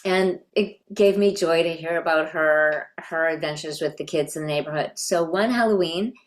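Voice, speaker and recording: Reflective middle-aged woman, lower voice. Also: normal speed, slight background noise. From Canada. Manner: reflective, thoughtful storytelling. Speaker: voice actress guest. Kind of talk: reminiscing interview.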